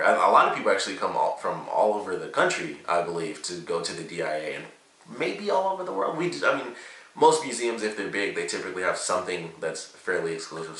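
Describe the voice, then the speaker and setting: A young man reviews a TV episode in loose, rambling talk full of fillers and laughs. His low voice has a bright edge. He sits back from the mic in an echoey room. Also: far from the mic. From Detroit area, USA. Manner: rambling, laughs often, heavy filler words. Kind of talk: casual review monologue.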